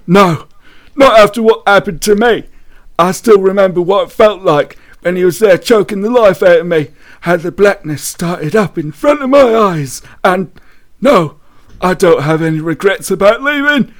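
A man's voice: high-pitched, lively intonation, normal speed, voice pushed up. A rattled male police officer looks back on a night that nearly killed him, as a podcast co-host puts him on with a put-on accent. The voice sits well above a man's usual range and stays earnest and haunted. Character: shaken adult male police officer recalling an attack. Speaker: co-host acting out a quote.

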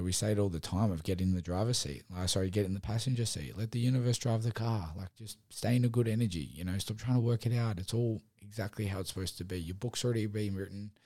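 A man's voice: low-pitched, darkish tone, no room sound, studio quality. A man in his thirties musing candidly on a solo podcast, rambling with many fillers and swear words. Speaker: podcast host and gym owner. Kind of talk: casual solo podcast reflection.

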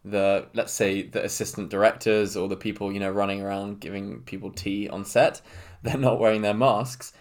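A man's voice: on the low side, level tone, normal speed. A young man co-hosting a casual podcast chat, chatty and self-mocking, laughing often. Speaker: podcast co-host.

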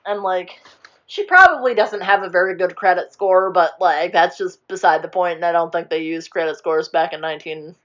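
A woman's voice: on the low side, normal speed, a bit bright, highs cut off. A young woman chatting casually, rambling through a movie plot, swearing now and then and acting out the characters' lines. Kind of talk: casual chat retelling a movie.

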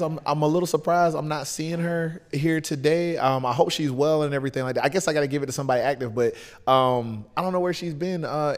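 A man with a Southern US accent talks casually as a guest, rambling through his thoughts with plenty of fillers and restarts. His voice rings with a long hall reverb. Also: mid-range voice. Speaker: podcast guest. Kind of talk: casual chat.

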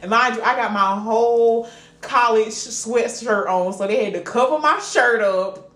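A young woman podcast co-host, telling an animated, profane story in casual chat and laughing often. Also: a little high, unhurried. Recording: echoey room with faint ambient noise.

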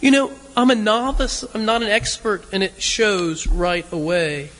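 Man, high voice, sermon storytelling, halting repeats, long hall reverb. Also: fairly even intonation, a bit bright. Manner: halting, repeats words often as he tells a story. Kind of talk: sermon told as a conversational story.

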